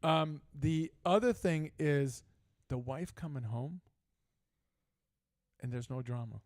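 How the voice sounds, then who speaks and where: A man's voice: a little high, takes it slowly, no echo, clean studio sound. Older man spinning casual stories. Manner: storytelling, animated, laughing asides. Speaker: host. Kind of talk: casual chat.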